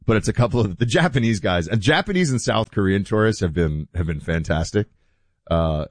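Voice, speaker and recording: A man hosting a talk show, chatting in an animated, conversational way with plenty of asides. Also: deep voice, no echo. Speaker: show host. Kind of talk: opinion talk show commentary.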